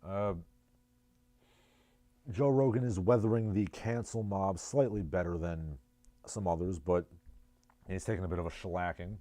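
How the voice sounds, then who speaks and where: A man's voice: sits low, steady tone, moderate pace, long pauses, dark tone, no echo. A man with a New Jersey accent hosting a casual livestream, reading chat messages and riffing with sardonic, rambling asides. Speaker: livestream host.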